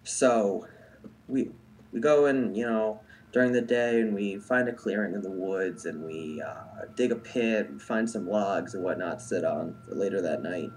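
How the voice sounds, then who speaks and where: Low-voiced young man rambling a story. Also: moderate pace, darkish tone, a little hiss or hum. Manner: rambling, heavy use of "like" and "um". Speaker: listener telling a story. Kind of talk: casual storytelling.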